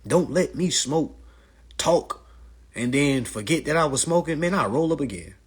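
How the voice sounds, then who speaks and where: A man holds forth on a phone livestream, loose and profane. His voice sits high and swings widely in pitch, with a husky edge. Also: moderate pace. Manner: animated, profane, mimics others' voices. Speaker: livestream host. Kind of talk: casual livestream rant.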